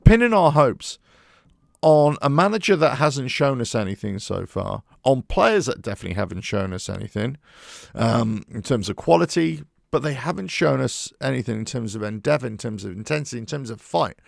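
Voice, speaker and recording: A man talking casually to camera about his football club, animated and rambling with many restarts. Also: mid-range voice, moderate pace, vocal fry, no room sound, studio quality. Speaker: football fan channel host. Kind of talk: casual monologue.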